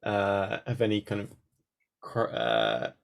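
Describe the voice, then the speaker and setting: Workshop host, male, low and gravelly, hesitant and filler-heavy delivery. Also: big pitch swings, slow pace. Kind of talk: casual online workshop chat. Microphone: video call.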